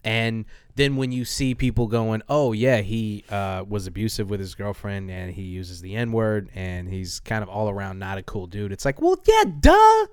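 A man co-hosting a podcast in casual chat, animated and laughing often, his voice leaping up when he gets indignant. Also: on the low side, moderate pace, hardly any pauses, smooth, no room sound, studio quality. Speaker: podcast co-host.

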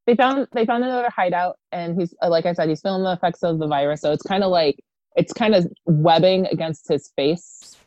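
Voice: mid-range voice, a little fast, a little mellow, no echo, muffled recording. A podcast co-host in casual comedic chat, mostly laughing along and chiming in with short remarks. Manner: laughs along, chimes in briefly.

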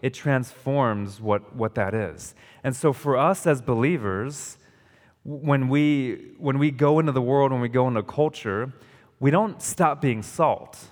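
Male pastor, mid-pitched, emphatic sermon delivery with restarts, long hall reverb. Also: unhurried, a little mellow. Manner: emphatic, repeats and restarts phrases.

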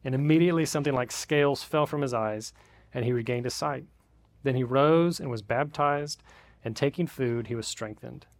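A man's voice: mid-range voice, normal speed. A man in his thirties preaching a sermon in a church, talking in a casual, conversational way. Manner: conversational, re-enacting family greetings with big voices. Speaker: pastor. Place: church sanctuary.

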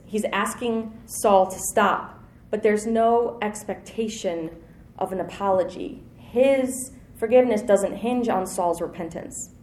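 A woman in her thirties delivers a sermon in a relaxed, chatty way and pokes fun at herself. Her pitch sits in the middle range. The sound rings around an echoey room, with faint noise underneath. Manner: conversational and self-deprecating, with light laughs. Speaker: preacher.

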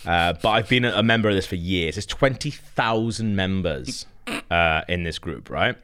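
A man's voice: deep voice, animated, moderate pace, fairly bright tone, smooth. A young man co-hosting a casual comedy chat, rambling with lots of laughs and teasing asides. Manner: rambling, laughs often, stirs the pot. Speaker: podcast co-host.

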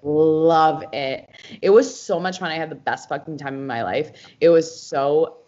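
A woman's voice: deep voice, normal speed, a little mellow. A young American woman in her twenties co-hosting a podcast, rambling through casual chat with lots of fillers and frequent swearing. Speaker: podcast co-host. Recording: dull lo-fi recording.

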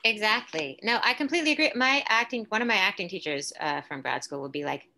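A woman actor, a guest in a casual interview, talking emphatically and building her points in quick chains. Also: mid-range voice, lively intonation, bright, forceful tone, a little hiss or hum.

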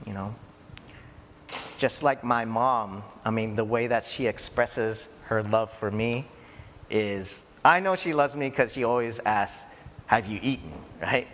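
Guy preaching slow and chatty, keeps asking right?, echoey hall with a bit of hum. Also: medium pitch, a bit bright. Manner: slow, conversational preaching with frequent "right?" and "you know". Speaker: pastor. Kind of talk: sermon. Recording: echoey hall with faint ambient noise.

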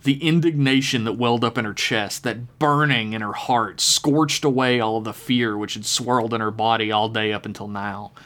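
Man reading a horror tale aloud. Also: medium pitch. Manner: steady, measured narration. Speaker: podcast storyteller.

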